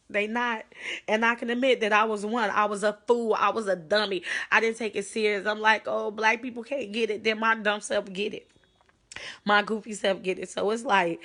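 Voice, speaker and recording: A woman talks straight into her phone on a live stream. Her voice is bright and forceful, urgent and pleading, and she sounds close to tears. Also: medium pitch. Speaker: livestreamer. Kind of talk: emotional live stream address.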